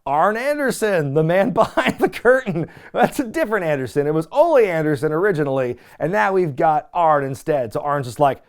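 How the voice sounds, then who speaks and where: Man host, slightly high voice, very animated delivery, casual recap chat. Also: brisk, few pauses, clear, resonant tone. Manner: animated, chatty, frequent "like" fillers. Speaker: wrestling recap podcast host.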